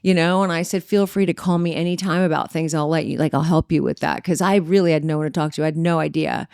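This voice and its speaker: A middle-aged woman, a guest actress, chatting casually and telling stories in an animated way. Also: deep voice, fast, vocal fry, smooth, no echo, studio quality. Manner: animated, acts out quoted voices. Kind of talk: casual storytelling chat.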